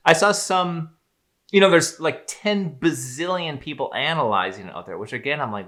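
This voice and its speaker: Man, podcast co-host, casual analysis, bright crisp tone, rambling, emphatic. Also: mid-range voice, moderate pace. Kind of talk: casual chat.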